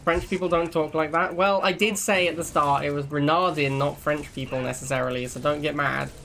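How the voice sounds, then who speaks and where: A man's voice: fairly high pitch, steady tone, brisk, vocal fry, a bit bright, slight background noise. A young man casually commentating a strategy game match, chatty and laughing at his own jokes. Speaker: gaming channel host. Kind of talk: live gameplay commentary.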